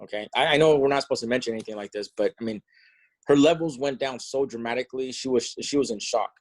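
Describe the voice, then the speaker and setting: A man speaks for the company on a group call, stumbling and repeating himself as he searches for words. His voice sits at an ordinary middle pitch. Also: poor audio. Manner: halting, repeats words and restarts. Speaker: company representative. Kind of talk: product talk in a group call.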